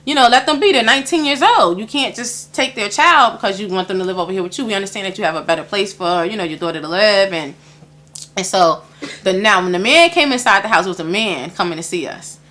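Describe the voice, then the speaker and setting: Bright-voiced woman. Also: mid-range voice, animated, fast talker. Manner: laughs often, acts out quoted voices. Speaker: interviewee. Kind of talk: personal storytelling.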